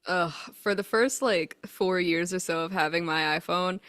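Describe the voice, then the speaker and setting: A woman's voice: lowish voice, moderate pace, a bit bright, no echo, clean studio sound. A woman hosting a casual chat, laughing often and swearing playfully.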